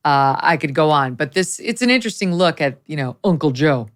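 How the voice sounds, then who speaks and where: Woman host, deep voice for a lady, snappy and sarcastic talk show commentary. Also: animated. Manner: brisk and sardonic.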